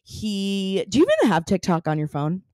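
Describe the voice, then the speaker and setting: A woman's voice: medium pitch, wildly swooping pitch, moderate pace, mellow, dry recording, studio quality. A young woman hosting a casual podcast chat, bubbly and laughing often. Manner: bubbly, laughs often, puts on silly accents. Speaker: podcast host.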